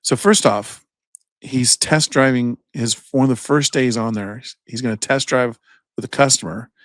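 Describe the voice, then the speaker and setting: A man's voice: mid-range voice, moderate pace, no room sound. Profane storytelling man, dry sound. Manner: profane, animated anecdote-telling. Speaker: podcast co-host. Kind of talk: casual storytelling chat.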